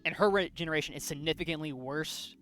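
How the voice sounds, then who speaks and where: Speaking quickly in a somewhat high, slightly bright voice, a podcast co-host retells a comic's plot in a casual, rambling way. He keeps using fillers and restarting his sentences. Soft music plays underneath.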